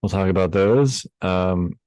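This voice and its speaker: A man's voice: deep voice, unhurried, dark tone, no room sound. A man co-hosting a podcast in casual chat, easygoing and steering the conversation. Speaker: podcast co-host.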